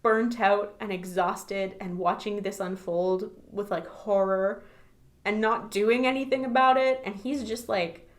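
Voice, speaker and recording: Woman, podcast co-host, casual book chat, animated, laughs a lot. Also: mid-range voice, measured pace.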